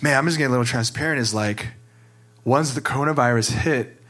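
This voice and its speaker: A man's voice: mid-range voice, fast, a bit bright. A man who is a pastor, sharing candidly and with emotion, filling his talk with "like". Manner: earnest, emotional, many "like" fillers.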